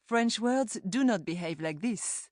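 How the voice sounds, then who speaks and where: A woman's voice: mid-range voice, lively intonation, unhurried, a little mellow, no room sound, studio quality. A woman reading a scripted language lesson for an audiobook, demonstrating words carefully. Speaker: language tutor.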